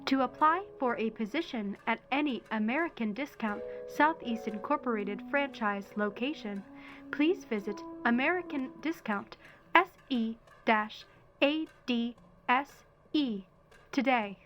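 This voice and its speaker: A woman voicing a smooth corporate phone recording. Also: a little high, unhurried, highs cut off, over music, close to an everyday voice. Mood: promotional. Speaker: automated corporate phone message.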